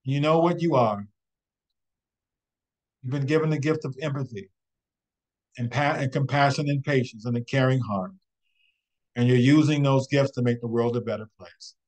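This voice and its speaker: A man presenting a webinar, telling a motivational story with a rhythmic, repeated refrain and building excitement. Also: medium pitch, normal speed, long pauses, poor audio.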